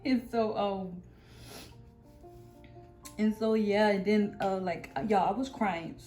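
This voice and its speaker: A woman's voice: a little high, a little slow, a little mellow, soft background music, low-quality recording. Young woman telling a candid personal story. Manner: candid and rambling, with many "like"s and "y'all"s. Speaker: vlogger, new mother sharing her story. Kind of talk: casual personal storytelling to camera.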